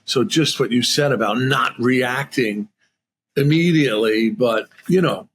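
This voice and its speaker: A man's voice: mid-range voice, unhurried, a little hiss or hum. A man hosting a podcast, asking rambling questions packed with fillers. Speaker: podcast host. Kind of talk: conversational podcast interview.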